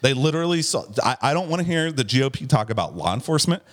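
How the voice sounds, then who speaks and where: A man's voice: medium pitch, sing-song, rapid-fire, in a large hall. A man co-hosting a casual political chat, emphatic and profane. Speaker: podcast co-host.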